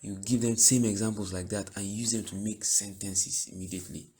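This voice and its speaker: A man with a fairly low voice gives a phonics lesson aimed at teachers. He talks them through the steps and says each example word or sentence slowly, often twice. He now and then stops to ask whether they follow. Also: steady tone, a little mellow, husky. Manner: repeats example words slowly and deliberately; explanatory, asks "do you get it?". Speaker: reading teacher.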